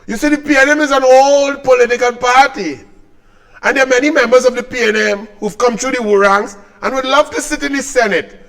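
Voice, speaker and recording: A man's voice: extremely high pitch, steady tone, fairly quick, fairly bright tone. A man with a Trinidadian accent delivering a sarcastic, combative political rant as a commentator, mocking his targets.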